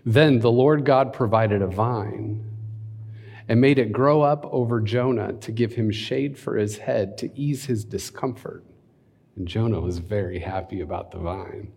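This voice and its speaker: A man's voice: lowish voice, measured pace, darkish tone. A man preaching and reading scripture aloud, breaking in with conversational asides and leading a prayer. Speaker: pastor. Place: church hall. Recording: long hall reverb.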